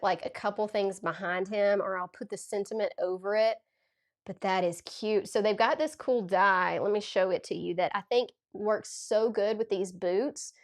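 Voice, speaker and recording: A woman in her forties with a Southern Tennessee accent and a cold, chatting gushingly as a crafting livestream host and reading out viewer comments. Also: mid-range voice. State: has a cold. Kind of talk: casual livestream chat while demonstrating card making.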